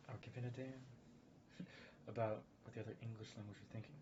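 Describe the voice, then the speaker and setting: Speaking quickly but pausing often, an American streamer wanders through a casual monologue, chuckling and correcting himself as he goes. His voice is lowish with fairly even intonation. The background is noisy, and the lo-fi sound is a bit dull with faint ambience.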